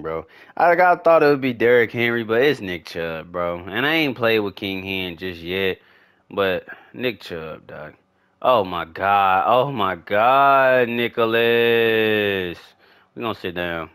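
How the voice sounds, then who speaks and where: A man's voice: low voice, animated, moderate pace, fairly bright tone, smooth. Hyped, trash-talking young man gaming. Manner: slangy, repetitive casual speech. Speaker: gaming YouTuber. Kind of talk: live gameplay commentary.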